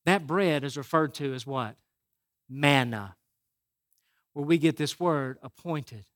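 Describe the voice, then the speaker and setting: Man, pastor, sermon, high voice, conversational, repeats words. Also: slow. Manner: conversational, repeats words, asks the crowd "right?".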